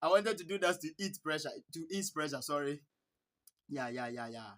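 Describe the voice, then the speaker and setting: High-voiced Ghanaian man telling stories. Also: moderate pace. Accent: Ghanaian English. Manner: animated, laughs between phrases; earnest, blessing-filled sign-off. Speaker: vlogger. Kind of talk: casual storytelling vlog.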